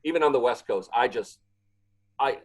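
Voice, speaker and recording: A man guesting on a podcast as a pizzeria owner, chatting casually and telling animated stories. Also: mid-range voice, moderate pace, rough recording. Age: adult, married. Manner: animated storyteller, acts out what others said. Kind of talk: casual interview chat.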